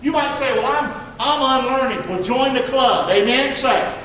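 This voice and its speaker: A man preaching a sermon, reading scripture aloud and calling for responses, swinging from quiet asides to near-shouting. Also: very high-pitched, unhurried, slight background noise. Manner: reads scripture aloud and calls for congregation response. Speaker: pastor. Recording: echoey hall, distant mic.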